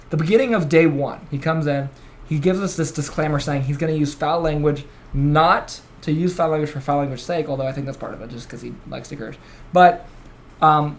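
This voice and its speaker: Fast-talking, profane male podcast host. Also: on the high side. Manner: profane, excitable storytelling. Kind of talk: casual chat.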